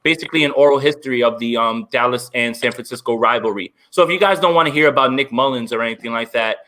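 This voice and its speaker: Upbeat man with a bright voice. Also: medium pitch, quick pace. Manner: upbeat, hedging with lots of fillers. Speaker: guest podcaster. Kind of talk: casual sports podcast chat.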